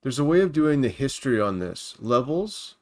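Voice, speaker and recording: A man's voice: medium pitch, very animated, moderate pace, a little mellow. A man talks casually into his computer microphone at home, hosting a Christian livestream. His delivery is chatty and wandering, with plenty of asides. He greets his viewers by name as he reads through news on his screen. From Canada.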